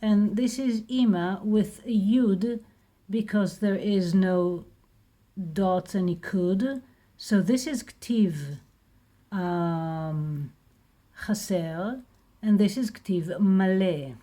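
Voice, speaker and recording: A Hebrew teacher with an Israeli accent gives a slow spoken lesson, patiently repeating each word slowly. Her voice is medium in pitch and warm.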